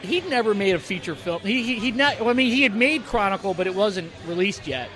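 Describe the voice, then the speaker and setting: A man's voice: high voice, lively intonation, a little fast, fairly bright tone. A man co-hosting a casual podcast, rambling with lots of fillers and restarts, recorded in the corner of a bar. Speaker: podcast co-host. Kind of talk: casual chat.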